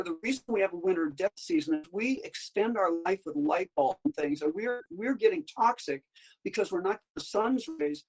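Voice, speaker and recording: A woman's voice: mid-range voice, darkish tone, poor audio. A woman appearing as a guest doctor in a casual interview, talking in a chatty, meandering way that jumps between topics.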